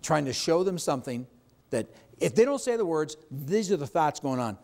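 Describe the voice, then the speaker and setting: Man, slightly high voice, emphatic seminar trainer, keeps checking in with the room. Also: very animated, normal speed, vocal fry, darkish tone. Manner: emphatic, asks the audience questions. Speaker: real estate sales trainer. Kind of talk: live sales training seminar.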